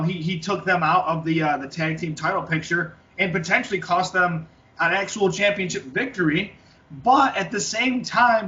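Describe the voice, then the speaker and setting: Bright-toned podcast host, lo-fi and distant. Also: male voice, high voice. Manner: rambling, many restarts and fillers. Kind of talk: casual wrestling chat. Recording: lo-fi, distant from the mic.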